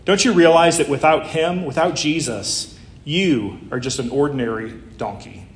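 A man voicing a gentle mother donkey who softly sets her foolish child straight, read as a story in a sermon. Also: on the high side, moderate pace, roomy sound, lightly acted. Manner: gentle and soft.

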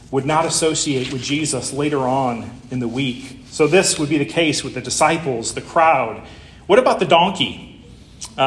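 Pastor guy preaching casually, kinda high voice, lots of echo. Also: fairly bright tone. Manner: conversational, with rhetorical questions. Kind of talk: sermon.

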